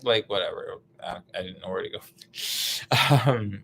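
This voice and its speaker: A young American man doing a rambling, profane stand-up bit, full of fillers and restarts, now and then bursting into loud put-on voices. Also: sits low, fairly even intonation, normal speed, creaky, a little hiss or hum. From United States. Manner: meandering, profane, lots of fillers, sudden shouted bits. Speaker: stand-up comedian.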